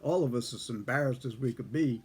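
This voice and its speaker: An older man, a former airman, telling a story from his own past in a casual, folksy way, chuckling and clearing his throat now and then. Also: mid-range voice, brisk, darkish tone, slight background noise. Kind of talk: casual spoken memoir storytelling.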